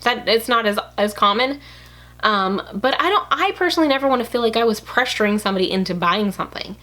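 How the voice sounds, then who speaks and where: A woman's voice: on the high side, animated, quick pace, bright, forceful tone. A woman giving frank, blunt advice in a casual monologue to camera, with many fillers and restarts. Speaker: YouTuber.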